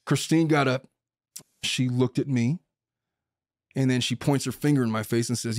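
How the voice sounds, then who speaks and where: A man's voice: mid-range voice, steady tone, normal speed, darkish tone, dry recording. Opinionated guy lawyer podcasting, blunt and emphatic, dead dry sound. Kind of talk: casual legal commentary chat.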